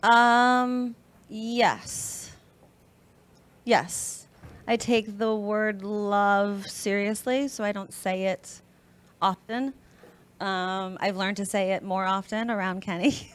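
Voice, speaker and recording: Slow, hesitant woman guest. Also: mid-range voice, fairly even intonation, smooth. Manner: hesitant, many fillers, soft laughs. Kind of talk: interview answers.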